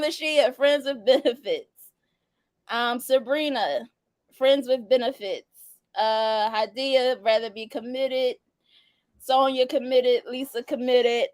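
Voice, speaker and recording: Woman, young adult, high voice, playful laughing host, dry close mic. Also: dry recording. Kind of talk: casual live-stream chat reading viewer answers.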